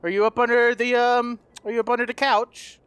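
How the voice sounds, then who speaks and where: A man doing playful let's play commentary, goofy and loud, who repeats lines and yells when startled. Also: little pitch movement, a little fast, smooth, no room sound. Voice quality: high-pitched comedic voice. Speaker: gaming YouTuber.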